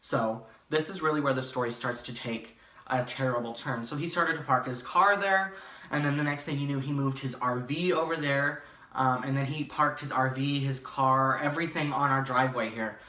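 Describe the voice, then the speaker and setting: A young man telling a casual storytime vlog from his bedroom, rambling and animated, full of fillers and restarts. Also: mid-range voice, normal speed. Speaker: vlogger. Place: his bedroom, in front of a green screen. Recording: echoey room, slightly far from mic.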